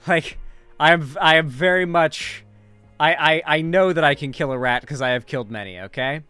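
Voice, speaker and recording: A man's voice: on the high side, normal speed, sharp tone, clear, resonant tone, no echo, faint music behind. A young man hosting a casual live commentary stream, loose and rambling, swearing casually and tagging his lines with questions.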